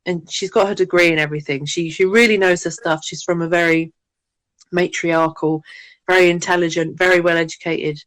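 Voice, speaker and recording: A woman co-hosting a podcast, telling an animated story and laughing often. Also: fairly low pitch, brisk, no room sound. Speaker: podcast co-host. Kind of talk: casual chat.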